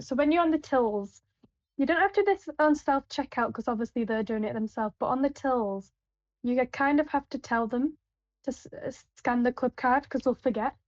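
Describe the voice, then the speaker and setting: A high-voiced woman who works supermarket tills chats casually, telling anecdotes in a rambling way full of fillers and restarts. The recording is dull, lo-fi and dry.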